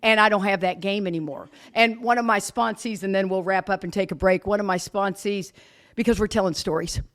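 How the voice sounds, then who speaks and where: A woman speaking to a live audience as a guest speaker, telling her story with blunt, self-mocking humor, laughing often and loudly acting out what people said. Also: medium pitch, fairly quick. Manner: animated, laughs often, acts out quotes loudly. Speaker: guest speaker at a recovery retreat.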